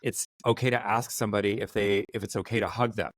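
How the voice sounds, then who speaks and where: A man's voice: on the low side, steady tone, fast, dry recording. A man hosting a podcast, chatting casually and animatedly in long run-on thoughts. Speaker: podcast host. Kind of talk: casual chat.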